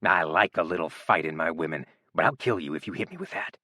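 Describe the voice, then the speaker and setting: Guy reading a violent attacker, loud snarling threats, low voice, dry. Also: expressive, fast, dry recording, heavily acted. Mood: menacing. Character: violent menacing male attacker.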